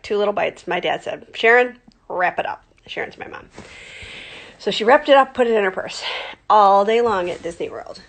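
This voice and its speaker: A woman teacher tells her class a story, chatty and animated, with plenty of little ums along the way. Her voice has a gravelly edge and sounds a bit husky. It was recorded on a computer mic for a screen recording. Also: medium pitch. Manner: chatty, animated, many fillers.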